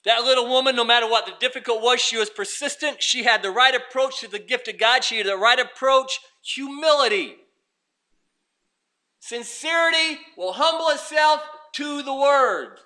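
A man's voice: very high-pitched, normal speed, sharp tone. A man preaching a sermon as pastor, emphatic and repeating his points.

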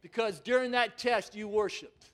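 A man preaching a sermon, emphatic and full of rhetorical questions, at times building to near-shouts. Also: high-pitched, normal speed.

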